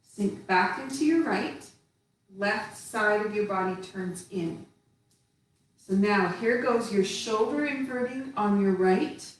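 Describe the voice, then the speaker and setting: A woman teaching tai chi, calmly talking through each step and movement. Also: medium pitch, takes it slowly. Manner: calm, instructive, counting out steps. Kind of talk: guided movement lesson. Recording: echoey room from far off.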